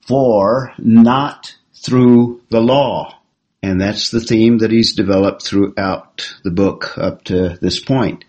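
A man teaching a Bible class, explaining the text and putting questions to his students with halting restarts. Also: deep voice, a little mellow, rough recording. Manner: slow and deliberate, with halting restarts.

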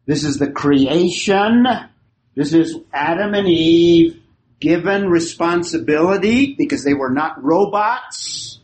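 Teaching a Bible class, a man with a slightly high, somewhat mellow voice speaks slowly and emphatically. He asks his group questions, repeats their answers, and stretches out key phrases. The roomy hall recording carries a faint hiss.

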